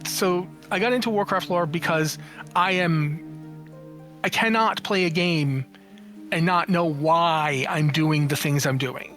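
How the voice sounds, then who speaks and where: Man, 40s, interview guest, high-pitched, casual animated storytelling, acts out quotes, faint music behind. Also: unhurried. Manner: animated, jokey, acts out quoted lines, frequent restarts. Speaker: interview guest, games journalist and writer.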